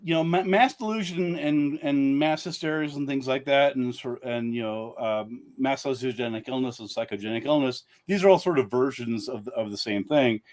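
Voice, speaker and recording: A man's voice: mid-range voice, fairly quick, hardly any pauses, darkish tone. A man speaking as a guest author in a casual live-stream chat, rambling with lots of "uh" fillers and restarts.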